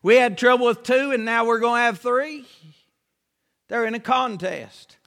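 A man preaching a folksy, emphatic sermon that rises to shouts. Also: very high voice, normal speed, in a large hall.

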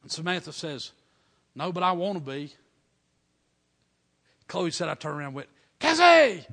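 A man's voice: fairly high pitch, steady tone, gravelly. A middle-aged man, preaching a folksy storytelling sermon with fervent bursts of praise. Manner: fervent, building to loud praise shouts; folksy dialect, drawn-out emphasis.

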